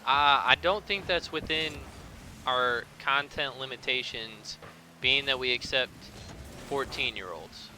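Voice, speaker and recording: Young man, co-commentator, casual, playful, bright voice, faint hiss behind. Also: mid-range voice, a little slow. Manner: laid-back, playful analysis. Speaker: esports co-caster.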